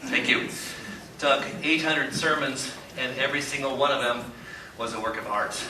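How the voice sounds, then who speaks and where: A man's voice: medium pitch, moderate pace. Man giving an admiring tribute in a church hall. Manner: admiring, self-deprecating, soft trailing phrases. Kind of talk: tribute speech to an audience. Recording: echoey hall, distant mic, loud noise.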